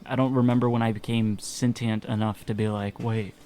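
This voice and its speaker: A young man co-hosting a podcast in relaxed casual chat, laughing easily and calling his friend dude. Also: fairly low pitch, brisk, a little hiss or hum. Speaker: podcast co-host.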